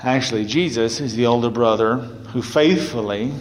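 Earnest minister preaching in an echoing hall. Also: male voice, medium pitch, moderate pace, slight background noise. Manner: earnest, conversational preaching with laughs. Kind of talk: sermon. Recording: long hall reverb.

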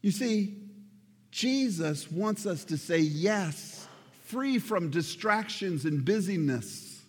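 A man's voice: high voice, expressive, slow pace, slightly rough, big-room sound. A man preaching a sermon as pastor, earnest and addressing the congregation directly, repeating words for emphasis. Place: church sanctuary.

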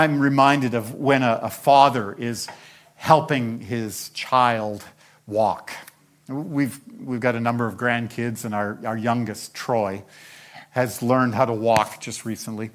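A man's voice: medium pitch, measured pace. An older man preaching a Bible-teaching sermon, telling the story with animation and acting out the characters' lines.

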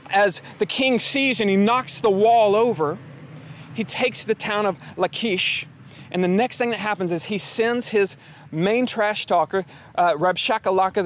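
A man preaching a sermon, retelling a story in a lively, casual way with humor and slang, often restarting his phrases. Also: sits high. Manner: frequent restarts and repeated words. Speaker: pastor.

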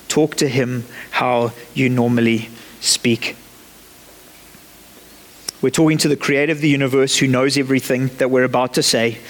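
A man's voice: mid-range voice, long reverb tail. A man preaching a sermon in a church, conversational and lightly joking as he talks the congregation through his points.

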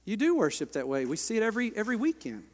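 Preacher in his forties, impassioned, fairly high-voiced, ringing through a big reverberant church. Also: huge pitch swings, rapid-fire. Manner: impassioned, swinging from hushed to loud. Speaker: Baptist pastor. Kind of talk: sermon. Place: large church sanctuary.

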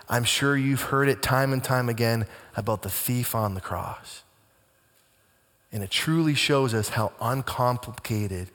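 A male pastor preaching a sermon with dramatic swings between hushed and booming delivery. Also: big-room sound.

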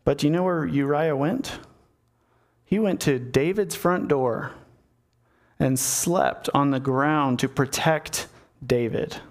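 Slow and punctuated by long pauses, a slightly high male voice carries a sermon told in a conversational, storytelling style. The preacher speaks directly to his audience and plays out the characters.

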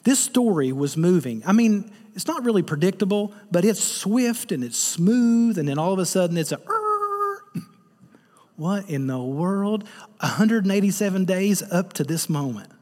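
A man preaching a sermon, telling the story with jokes and animated asides. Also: high voice, normal speed, in a large hall. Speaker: pastor.

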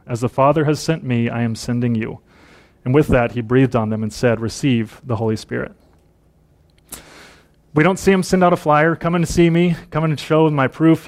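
A man's voice: mid-range voice, a little mellow. A man preaching a Sunday sermon in a church service, reading scripture aloud and then reflecting on it in plain words.

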